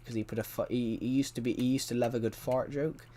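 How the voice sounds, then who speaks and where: A man's voice: medium pitch, steady tone, fast, dark tone. A man chats loosely to his stream audience in an ordinary mid-range voice. He tells stories in a rambling way, breaking off to correct himself before carrying on. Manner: rambling storyteller, frequent self-corrections. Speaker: livestreamer. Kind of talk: casual chat while streaming a game.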